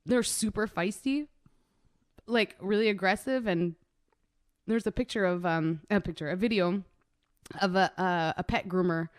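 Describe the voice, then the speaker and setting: A woman's voice: mid-range voice, measured pace, pauses often, dry recording, clean studio sound. A young woman co-hosting a podcast, talking in a chatty, rambling casual way. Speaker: podcast co-host.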